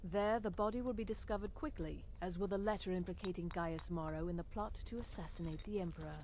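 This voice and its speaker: An actress playing a poised, calm female assassin handler in a game, giving orders in a measured, formal manner. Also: on the low side, slight background noise, lightly acted.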